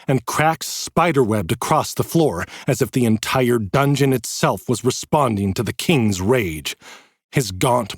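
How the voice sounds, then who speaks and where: A man reading a fantasy audiobook in dramatic, expressive narration. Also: mid-range voice, no echo, clean studio sound.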